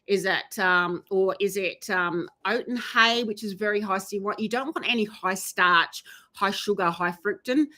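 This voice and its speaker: A woman horse trainer giving advice in a live Q&A, talking with many ums and pauses. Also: medium pitch, bright, forceful tone. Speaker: horse trainer answering viewer questions. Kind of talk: live Q&A chat.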